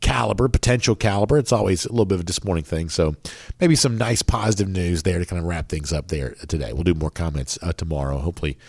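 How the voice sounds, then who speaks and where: A man's voice: sits low, quick pace, a little mellow, husky, no echo, clean studio sound. A man hosting a college sports podcast in a casual, rambling way, his voice nasal and worn from allergies. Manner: rambling with many fillers.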